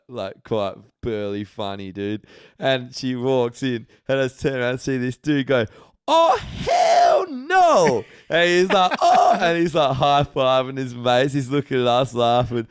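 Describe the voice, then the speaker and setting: An Australian man telling animated, profanity-laced anecdotes on a casual podcast. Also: medium pitch, normal speed, clean tone, no echo, clean studio sound. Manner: swears a lot, animated anecdotes. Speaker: podcast host.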